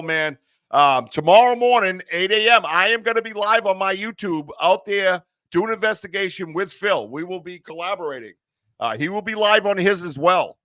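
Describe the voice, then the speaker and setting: A man hosting a casual live stream, chatty and excitable, with loose restarts. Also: high voice, normal speed, dry recording. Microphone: streaming setup mic.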